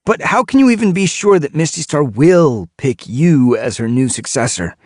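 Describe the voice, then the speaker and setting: Anxious young tom cat for an audiobook, high and jittery, voiced by a man. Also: lively intonation, moderate pace, no echo, clean studio sound. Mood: resentful. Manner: stammering, anxious.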